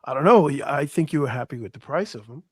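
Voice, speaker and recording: Hoarse East Coast man. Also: mid-range voice, lively intonation, a little mellow, no echo, studio quality. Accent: American East Coast. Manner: talks through market numbers, halting restarts. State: hoarse, voice shot. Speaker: co-host. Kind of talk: casual livestream chat.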